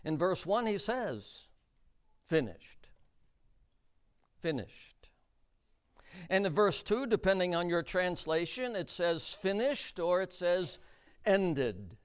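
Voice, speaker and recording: Slow, emphatic high-voiced male preacher. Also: lively intonation, smooth. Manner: emphatic, deliberate, repeats key words for stress. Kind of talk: sermon.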